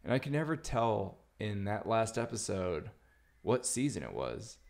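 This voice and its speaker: Man, podcast host, very low voice, gravelly, laid-back, rambling. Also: very animated, a little slow, a little mellow. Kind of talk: casual chat.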